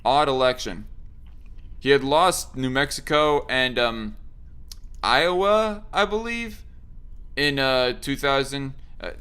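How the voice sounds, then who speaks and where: A man's voice: medium pitch, slow, pauses often, bright, forceful tone, smooth. A man hosting a casual political chat, thinking aloud with many fillers and restarts. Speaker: host.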